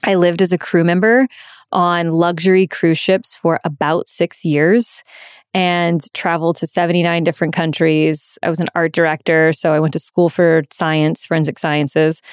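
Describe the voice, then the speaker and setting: A woman's voice: lowish voice, clean tone, no echo, studio quality. A woman in her thirties from the United States, a guest coach talking openly and reflectively in an interview, often restarting her sentences. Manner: open, reflective, many restarts. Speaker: guest, sex and relationship coach. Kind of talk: candid interview conversation.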